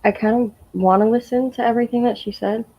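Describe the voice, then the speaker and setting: A woman's voice: fairly high pitch, fairly even intonation, fast, muffled recording, noisy background. A woman guest in a casual livestream chat, speaking frankly and emphatically and swearing now and then.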